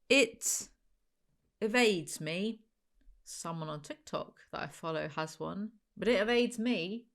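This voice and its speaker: A woman's voice: lowish voice, fairly bright tone. A woman, chatting sarcastically to camera as host of a reaction video. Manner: sarcastic, ranting, quick asides. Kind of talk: casual chat to camera.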